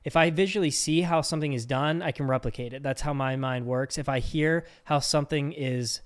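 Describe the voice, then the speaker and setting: A man's voice: fairly high pitch, a little fast, clear, resonant tone, dry recording. A young man co-hosting a podcast, chatting casually and joking in a mock-serious, dry way. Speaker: podcast co-host. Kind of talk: casual chat.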